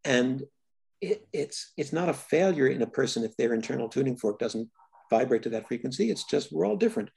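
An older man, a filmmaker, giving thoughtful, halting interview answers full of restarts. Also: mid-range voice, animated, gravelly, a little mellow, breathy edge. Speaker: filmmaker guest.

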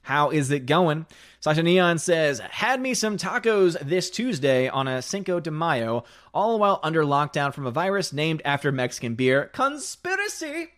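A man's voice: fairly high pitch, lively intonation, moderate pace, fairly bright tone. Chatty man hosting a live stream. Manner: chatty and joking, laughs often. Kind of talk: casual live-stream chat, reading viewer comments.

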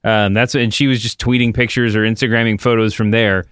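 A man's voice: fairly low pitch, level tone, fairly quick, a bit bright, clear, resonant tone, dry recording, studio quality. A man hosting a wrestling podcast in casual chat, rambling and restarting his sentences. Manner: rambling, self-interrupting. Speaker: podcast host.

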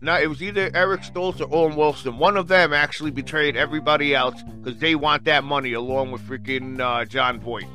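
Man vlogger with a bright, slightly high voice, reviews movies in an animated, profane rant. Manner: excitable, swears, keeps saying "freaking". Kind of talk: casual rant reading off a webpage.

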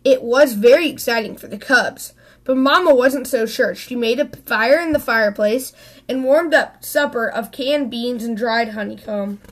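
Woman reading a bear-family picture book aloud, high voice, lively, trips over a word now and then. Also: moderate pace. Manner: expressive, with small slips and restarts. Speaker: storybook reader.

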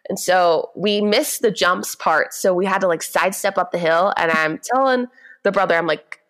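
A woman's voice: lowish voice, normal speed. Chatty young woman telling a story. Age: 20s. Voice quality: gentle voice. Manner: chatty, animated storyteller with lots of "like". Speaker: podcast guest. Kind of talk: casual chat, storytelling.

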